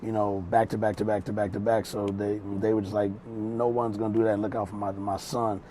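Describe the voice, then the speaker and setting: A man's voice: fairly low pitch, level tone, fairly quick, mellow, slight background noise. A man, a music producer and mix engineer, telling stories in a casual interview in a small studio room, loose and rambling, with street slang and restarts.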